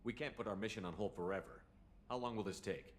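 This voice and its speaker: A man's voice: lowish voice, quick pace, a little hiss or hum, close to an everyday voice. An actor voicing a terse male starship commander in a video game. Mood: firm.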